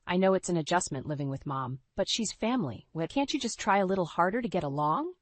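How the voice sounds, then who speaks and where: A woman's voice: on the low side, lively intonation, fast, dry recording. A woman voicing a stern, impatient husband who speaks in a curt, dismissive way.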